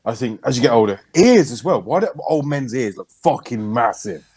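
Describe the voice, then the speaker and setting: A man's voice: mid-range voice, very animated, moderate pace, a little mellow, husky, dry recording. A man co-hosting a podcast, bantering casually with crude, playful jokes. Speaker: podcast co-host.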